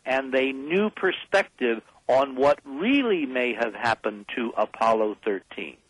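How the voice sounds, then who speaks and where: A man's voice: medium pitch, expressive, measured pace, low-quality recording. A man speaking as a guest on a radio talk show, talking emphatically and persuasively, rallying listeners to act.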